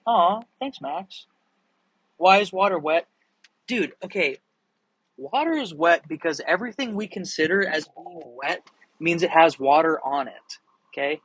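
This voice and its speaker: A young man hosting a live stream, answering viewer questions in a rambling, excitable, casual chat, swearing freely. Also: on the high side, measured pace, slightly rough, rough recording.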